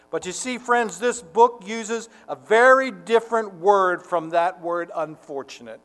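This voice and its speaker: A man preaching a sermon to his congregation, earnest and deliberate, rising to fervent emphasis. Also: sits high, fairly bright tone, big-room sound. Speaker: pastor.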